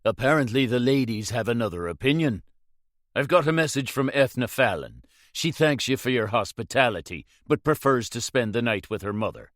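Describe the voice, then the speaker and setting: A man reading an audiobook, voicing a cool, menacing gunman hero who threatens calmly and mockingly. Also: medium pitch, brisk, no echo, clean studio sound, lightly acted.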